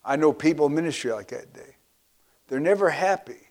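High-voiced man preaching a sermon. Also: expressive, a little fast, darkish tone. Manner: preaching with frequent "uh" fillers, asking for amens. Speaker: pastor.

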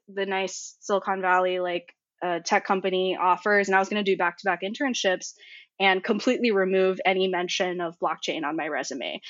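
A young woman in her twenties, a guest telling her story in a casual interview, animated and full of fillers, acting out the dialogue she quotes. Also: no echo. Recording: muffled low-fidelity audio.

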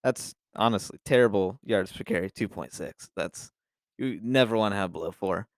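A man's voice: fairly low pitch, normal speed, no room sound, studio quality. A young man co-hosting a podcast, chatting loosely about football with frequent restarts and casual swearing. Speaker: podcast co-host. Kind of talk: casual sports chat.

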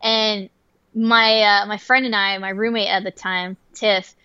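Excitable, profane woman on a dry mic. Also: mid-range voice, measured pace, clean tone, no room sound, highs cut off. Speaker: podcast co-host. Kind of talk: casual storytelling chat.

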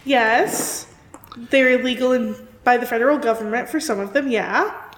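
A woman playing a party game, boastfully pitching herself in an improvised job interview. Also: moderate pace. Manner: boastful, joking. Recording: echoey room with light noise.

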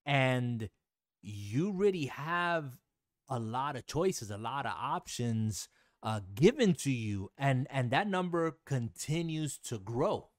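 Male American host, mid pitch, dry close sound, chatty and laughing. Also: lively intonation, slow, no echo. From United States. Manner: talkative, laughs often, many fillers. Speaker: podcast host. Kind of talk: casual chat.

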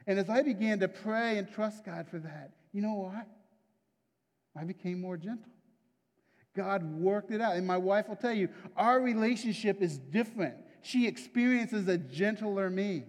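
A man's voice: high-pitched, moderate pace. A man preaching a sermon in a conversational, confessional way, often checking in with the listeners. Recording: long hall reverb.

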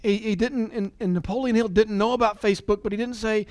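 A man in his forties giving an earnest, emotional motivational talk, at times dropping to a soft near-whisper. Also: high voice, steady tone, fast, dry recording, clean studio sound. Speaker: business leader and motivational speaker.

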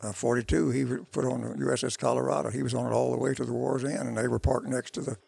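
An older man with a gravelly, creaky voice drifts through one memory after another as a guest in a relaxed interview. The sound is close and dry, with no room around it, and he often starts over mid-sentence. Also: medium pitch, no echo. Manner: rambling, unhurried recollection with restarts. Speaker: interview guest, country musician. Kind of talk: casual storytelling interview.

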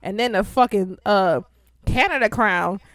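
A young woman hosting a casual podcast, swearing freely and bursting into loud, excitable outbursts. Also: medium pitch, a little slow, no echo. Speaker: podcast host.

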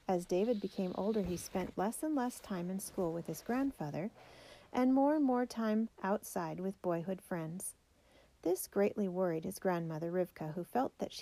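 A woman reading a children's biography aloud in a measured, steady way. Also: medium pitch. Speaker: narrator.

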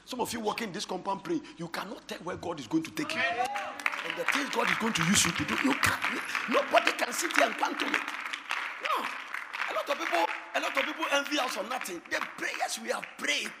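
A man preaching a sermon, moving from hushed storytelling to shouted exhortation and laughing often. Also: very high-pitched, sing-song, a little fast, in a large hall, a loud crowd, very noisy. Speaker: pastor.

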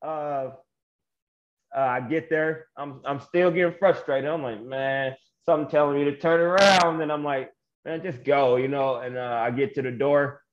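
A man's voice: medium pitch, fairly even intonation, moderate pace. A young adult man, a guest wrestler, telling a story in a laid-back, slangy way and laughing often, on a muffled lo-fi recording. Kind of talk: casual storytelling interview. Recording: muffled lo-fi audio with faint noise.

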